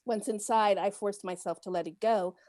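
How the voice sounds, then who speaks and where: A woman's voice: mid-range voice, fairly even intonation, a little mellow, no room sound. Earnest woman speaking in a dry room. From United States. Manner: earnest, measured, with frequent pauses and fillers. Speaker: guest speaker at a synagogue service. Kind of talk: personal testimony speech.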